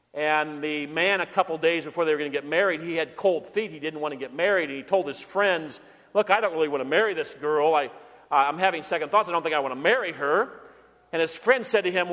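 High-voiced male pastor preaching in a church. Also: a bit bright. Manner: preaching with repeated chanted contrasts, rising to proclaim. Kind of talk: sermon. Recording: long reverb of a church hall.

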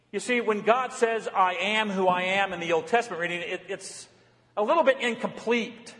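A man with a high-pitched voice preaches a sermon, asking his listeners questions and then answering them himself. His emphatic delivery rings out in a church with a long, lingering echo. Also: normal speed, a bit bright. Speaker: pastor.

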